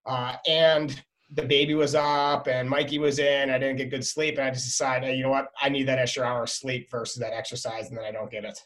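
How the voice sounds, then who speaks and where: A man in his thirties chatting as a podcast guest, telling animated stories and acting out his toddler. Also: medium pitch, fairly quick. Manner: animated storytelling, acts out his son. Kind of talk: casual interview chat.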